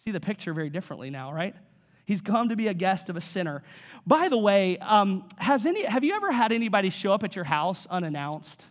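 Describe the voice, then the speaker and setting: A man's voice: sits high, big pitch swings. A man preaching a sermon in a conversational way, asking the room questions and acting out what people might say. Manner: conversational, acts out voices with quick asides. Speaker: pastor.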